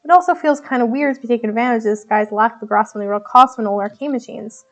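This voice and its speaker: A woman's voice: a little high, fast talker. A woman streamer reading a visual novel aloud, giggling often and joking about her own reading. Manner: giggly, playful, self-mocking.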